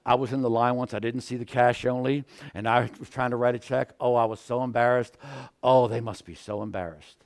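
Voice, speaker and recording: A man doing a soft, gasping sympathetic shopper. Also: mid-range voice, fairly even intonation, fairly quick, no echo, studio quality, voice pushed down, close to an everyday voice. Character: sympathetic embarrassed shopper in line.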